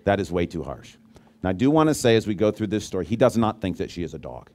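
Preaching to his congregation, this male pastor talks casually and asks them questions, alternating forceful emphasis with hushed, low-voiced remarks. His intonation is lively and he races along.

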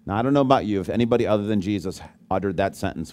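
A man preaching a sermon as pastor, talking conversationally and asking the congregation questions, swinging between loud emphasis and quiet low asides. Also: rapid-fire, hardly any pauses.

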